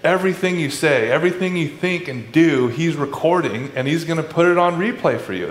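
Male pastor, sermon, conversational and animated, fairly high voice, roomy echo. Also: a little fast, few pauses, slight background noise. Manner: conversational, animated, with sarcastic asides. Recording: echoey room with faint ambience.

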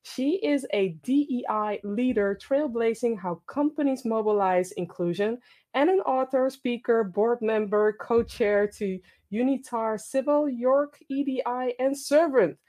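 A woman hosting an online panel, speaking with energetic asides and frequent repeated phrases as she introduces her guests. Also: a little high, a little slow. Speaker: host.

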